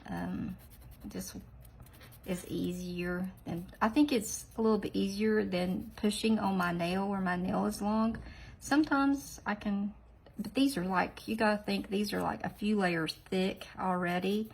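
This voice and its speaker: A woman hosting a nail tutorial, chatting in a rambling, sniffly way and often dropping into soft whispered asides. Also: medium pitch, measured pace, gravelly, slightly rough, low-quality recording. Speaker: nail art channel host. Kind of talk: casual tutorial chat.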